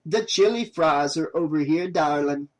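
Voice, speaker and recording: A man's voice: on the high side, normal speed, lightly acted. A man voicing a laid-back stoner cameraman who puts on an overdone mock Jamaican accent and teases lazily. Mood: teasing. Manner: lazy, teasing, says "darling".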